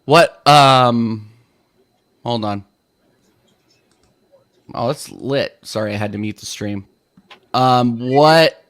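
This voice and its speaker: A man's voice: mid-range voice, extremely slow, pauses often, a bit bright, dry recording, clean studio sound. Laid-back man joking with a friend. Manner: laid-back, jokey, easygoing. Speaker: friend joining the stream. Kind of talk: casual chat.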